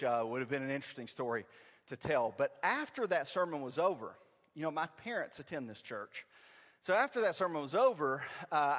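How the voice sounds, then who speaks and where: A man, preaching a storytelling sermon in a church, animated and self-deprecating. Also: a little high. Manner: animated, self-deprecating, quotes family in voices. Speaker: pastor. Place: church sanctuary. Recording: long reverb of a church hall.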